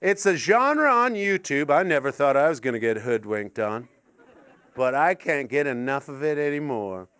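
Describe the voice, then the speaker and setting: A man's voice: medium pitch, lively intonation, normal speed, a bit bright, smooth, no echo. A man from Canada doing stand-up at a live venue, rambling and self-mocking through absurd stories on a handheld mic. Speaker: stand-up comedian. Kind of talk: stand-up set.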